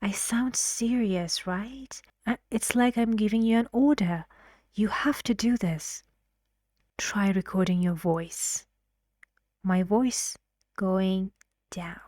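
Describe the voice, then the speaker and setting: A woman's voice: medium pitch, slow, darkish tone, no room sound, clean studio sound. A woman teaching an English pronunciation lesson, explaining patiently and asking the learners questions.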